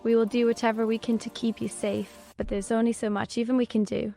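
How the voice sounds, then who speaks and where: A regal ancient queen, as a woman reader puts her on, calm and quietly commanding. Her voice stays level and flat in pitch, with soft music underneath. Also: fairly quick, vocal fry. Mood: composed.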